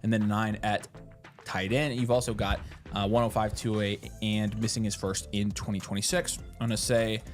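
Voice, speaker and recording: A man's voice: lowish voice, little pitch movement, normal speed, faint music behind. A man co-hosting a podcast, chatting casually and rambling through advice with lots of fillers and restarts. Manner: rambling with filler words and restarts, laughs easily. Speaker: podcast co-host. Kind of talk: casual fantasy football advice chat.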